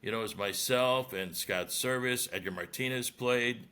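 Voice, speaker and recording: Lively older man telling stories. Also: medium pitch, normal speed, clear, resonant tone. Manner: animated storyteller, laughs at own stories. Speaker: radio broadcaster, guest. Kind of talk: casual storytelling interview.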